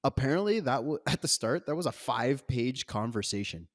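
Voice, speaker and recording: A young man talks casually as a podcast co-host, breaking down a film. He gets animated when he acts out characters' lines. His voice is mid-pitched and recorded close and dry. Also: fairly quick, dry recording.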